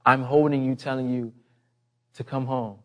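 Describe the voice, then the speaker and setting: A man's voice: level tone, moderate pace, a bit bright. Man, pastor, sermon, conversational storytelling, impassioned. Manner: impassioned, rising in pitch and volume toward the end; personal storytelling, conversational asides.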